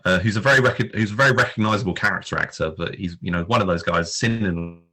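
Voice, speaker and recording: Male podcast co-host, deep husky voice, hesitant casual film talk. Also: fast talker, pushed and bright. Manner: hesitant, many fillers, recalls cast trivia. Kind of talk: casual film review chat.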